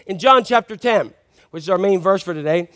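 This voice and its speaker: A man with a high-pitched voice gives a sermon. He keeps it conversational and checks in with his listeners through frequent questions. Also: fairly quick, fairly bright tone. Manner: conversational, asks the congregation questions. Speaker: pastor.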